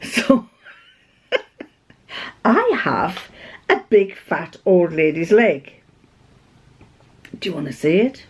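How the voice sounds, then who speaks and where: A woman's voice: on the low side, sing-song, very slow, long pauses, slightly rough. A British woman chatting to camera in a vlog, telling a rambling story and laughing often as she goes. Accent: British English. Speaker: craft vlogger. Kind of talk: casual anecdotal chat to camera.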